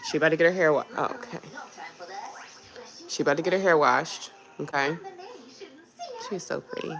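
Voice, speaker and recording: A woman's voice: sits low, normal speed, gravelly, long pauses, crowd noise. A young woman hosting a casual livestream, talking bluntly and sarcastically with plenty of profanity about her daily frustrations. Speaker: livestream host.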